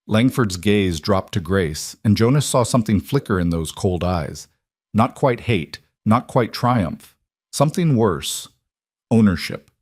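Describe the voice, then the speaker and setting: A man giving scripted, measured narration of a Western story. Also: lowish voice, lively intonation, darkish tone, no echo, clean studio sound.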